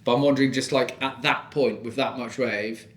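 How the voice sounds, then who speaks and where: Brief: man, board shaper guest on a podcast, animated storyteller, mid pitch, roomy room echo. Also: normal speed. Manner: chatty, animated storytelling with frequent laughs. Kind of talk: casual podcast chat.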